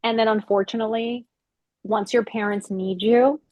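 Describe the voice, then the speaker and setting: A woman's voice: on the high side, fairly even intonation, normal speed, darkish tone, no echo. A woman in her fifties, a podcast guest, telling a personal story in a frank, emphatic way and acting out old arguments. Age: 50s.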